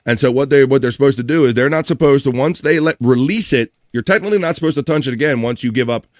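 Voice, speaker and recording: A man hosting a casual live stream, chatting in a jokey, animated way and mimicking others. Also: medium pitch, quick pace, no room sound, studio quality. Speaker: host.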